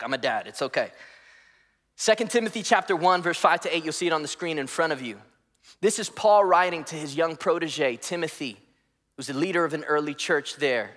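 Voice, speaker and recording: A high-pitched, slightly bright-sounding man from the DC area in the United States delivers a sermon as a guest preacher in a church auditorium, where long echoes trail his words. He keeps it playful, teasing the congregation, joking between points, and acting out voices in his anecdotes.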